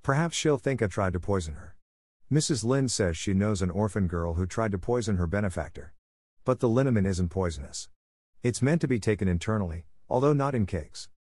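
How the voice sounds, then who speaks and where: Dramatic orphan girl read by a man, gushing, pleading, lowish voice, dry sound. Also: lively intonation, fairly quick, darkish tone, no echo. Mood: despairing. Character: dreamy excitable orphan girl.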